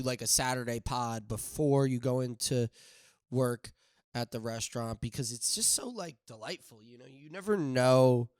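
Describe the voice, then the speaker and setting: A young man hosting a casual solo podcast, rambling and joking with sudden loud outbursts. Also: medium pitch, no echo, studio quality. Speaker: podcast host.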